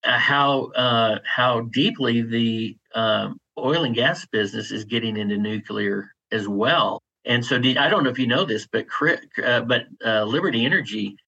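A man guesting on an energy podcast, explaining in a measured way with frequent fillers. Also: medium pitch, creaky, bright, forceful tone, husky, muffled recording. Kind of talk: conversational interview.

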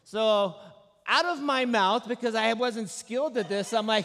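A male pastor preaching a sermon, telling personal stories in a relaxed way with self-deprecating humor. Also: sits high, unhurried. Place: church sanctuary. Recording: long reverb of a large hall.

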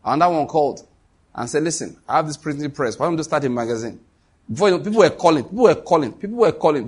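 A man's voice: a little high, darkish tone, husky. A man preaching a sermon, telling a story and acting out the dialogue between God and the prophets.

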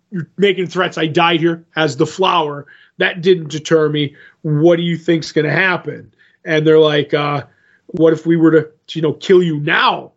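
A podcast co-host, a man with a somewhat high-pitched voice, talks through a comic book plot in a loose, rambling way. He keeps slipping into the characters' lines with "he's like" and "she's like." The recording sounds dull and lo-fi. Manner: rambling retelling, acts out quotes with "he's like". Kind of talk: casual comic book recap.

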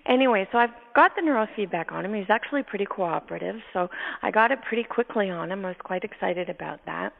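A woman host telling a story from her work in a lively, animated way, now and then laughing and acting out her own thoughts. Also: mid-range voice, fast talker, vocal fry. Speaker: neurotherapist and podcast host. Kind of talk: storytelling in casual chat. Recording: tinny phone-line sound with long reverb.

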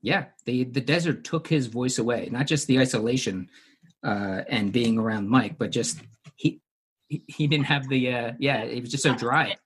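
A man's voice: mid-range voice, moderate pace, breathy edge. A man recapping and discussing a television episode with co-hosts in a casual chat, with frequent fillers.

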